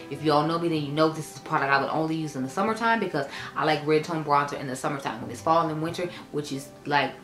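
A woman's voice: low voice, fairly bright tone, roomy sound. A woman giving a frank, chatty makeup review, with lots of fillers. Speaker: beauty vlogger. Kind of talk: casual product review.

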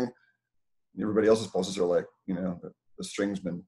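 A man's voice: lowish voice, fairly even intonation, normal speed, darkish tone. A middle-aged man hosting a casual community talk from his house, rambling and digressing as he explains.

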